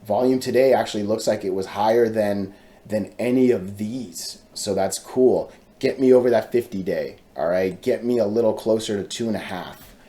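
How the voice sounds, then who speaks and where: Excitable man rattling through stock charts. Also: fairly low pitch. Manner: excitable, repeats words in rapid chants; talks to viewers directly, frequent "right?" and "all right?". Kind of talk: casual stock chart commentary.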